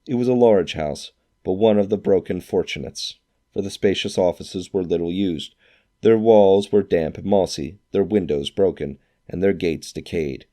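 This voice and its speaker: At normal speed, a man with a very low, dark voice brings a classic novel to life through expressive narration. Quoted lines get their own character voices.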